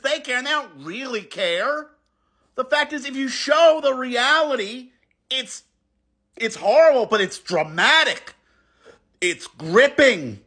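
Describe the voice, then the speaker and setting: A man giving a response commentary, animated and emphatic, critical and earnest, sometimes restarting his words. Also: extremely high pitch. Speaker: video commentator.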